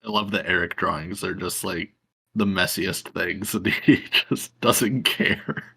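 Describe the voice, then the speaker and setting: Man, tabletop player, somewhat low voice, relaxed and joking. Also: a little slow, creaky, breathy edge. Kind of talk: casual game chat over voice call.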